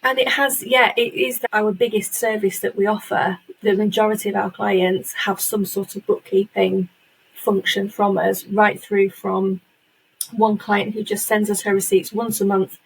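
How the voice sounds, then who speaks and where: Chatty self-deprecating woman with gravelly tone. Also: medium pitch, little pitch movement, a little slow, slight background noise, poor audio. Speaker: guest, virtual assistant agency owner. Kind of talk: casual interview chat.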